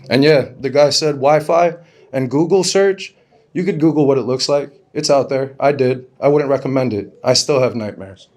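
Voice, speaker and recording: Man giving a halting, earnest speech. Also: medium pitch, a little mellow. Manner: halting, earnest, questions repeated. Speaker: grieving father speaking at an event. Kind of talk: emotional public speech.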